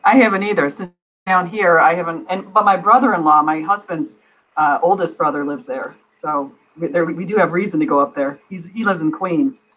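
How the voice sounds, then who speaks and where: A woman's voice: lowish voice, moderate pace, a bit bright, low-quality recording. A woman on a casual chat as a guest, rambling and laughing often. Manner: giggly, rambling.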